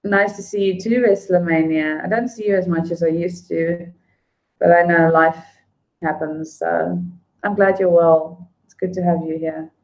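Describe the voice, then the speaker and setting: A woman's voice: lowish voice, steady tone, normal speed, darkish tone, rough recording. A woman chatting casually on a livestream, greeting viewers by name. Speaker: livestream host. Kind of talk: casual livestream chat, reading viewer comments.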